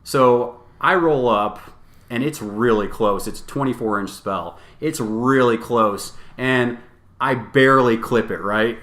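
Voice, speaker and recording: A man in a casual podcast chat, telling a story with lots of energy and swearing. He quotes both sides of an argument back and forth. His voice sits at an average pitch and sounds roomy, as if he were recording in an echoey space. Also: measured pace, a bit bright. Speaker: podcast co-host. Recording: roomy echo.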